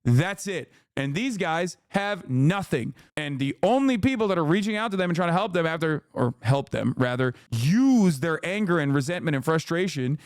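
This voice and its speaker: A man rants through casual stream commentary, swearing freely. His voice sits fairly high for a man, and the sound is close and dry. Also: moderate pace, hardly any pauses, no room sound. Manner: profane, animated ranting.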